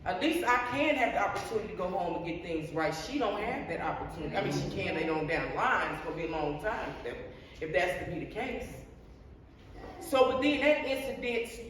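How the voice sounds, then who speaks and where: A middle-aged woman giving an earnest personal testimony, telling her story with repeated words and frequent restarts. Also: lowish voice. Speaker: guest sharing life story. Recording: echoey hall, distant mic, faint noise.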